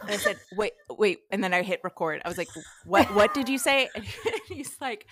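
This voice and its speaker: A woman in her thirties chatting casually on a podcast, telling animated stories about her young son and acting out his lines. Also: a little high, a little fast, no room sound. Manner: animated storyteller who acts out her child's lines. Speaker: podcast guest. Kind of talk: casual chat.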